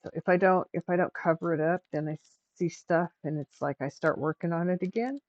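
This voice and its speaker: A woman's voice: on the low side, fairly even intonation, a little fast, a little mellow, dry recording. A middle-aged woman hosting a craft livestream, chatting to herself and to viewers as she works. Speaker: livestream host. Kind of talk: casual chat while crafting. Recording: dull, lo-fi dry sound.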